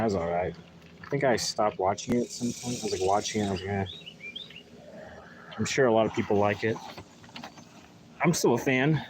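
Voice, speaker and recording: Male gardening vlogger, low voice, rambling sarcastic chat, noisy outdoor phone audio. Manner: rambling, sarcastic mock enthusiasm. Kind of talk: casual live vlog chat while potting plants. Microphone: phone held in hand.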